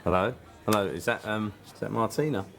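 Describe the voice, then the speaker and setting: A man's voice: lowish voice, a little fast, a crowd in the background. A man in a scripted sitcom, trading wry, self-mocking banter. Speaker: lead character in a sitcom.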